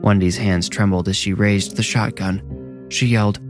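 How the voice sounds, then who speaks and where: A man with a low voice reads a horror story in a slow, measured way. Faint music plays softly under his scripted narration. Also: fairly even intonation.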